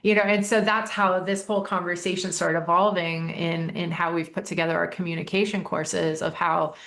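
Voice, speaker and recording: A woman's voice: fairly low pitch, level tone, brisk, gravelly, fairly bright tone, slight background noise. A woman life coach hosting an easygoing talk about communication, acting out short quoted voices as she explains. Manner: acts out quoted voices, restarts often. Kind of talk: casual educational chat.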